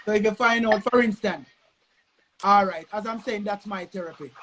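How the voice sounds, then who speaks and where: A man's voice: high voice, normal speed, a bit bright, low-quality recording. Man, podcast co-host, casual debate, talks it through, faint background noise. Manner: explains his point at length, conversational.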